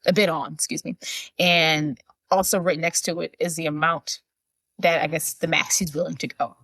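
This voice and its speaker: Low-voiced woman recapping a movie plot. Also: fairly even intonation, normal speed, fairly bright tone, no echo. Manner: rambling plot narration with fillers. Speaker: podcast co-host. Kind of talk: casual movie recap chat.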